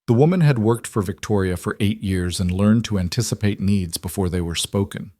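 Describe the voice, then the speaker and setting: A man narrating a scripted drama in a steady, measured way. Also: lowish voice, no echo, clean studio sound.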